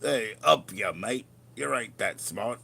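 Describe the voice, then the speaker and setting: A man's voice: on the low side, animated, slow, gravelly, bright, forceful tone, breathy edge, full character voice. A man putting on a brash Aussie bloke. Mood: taunting. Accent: Australian. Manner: swaggering, taunting.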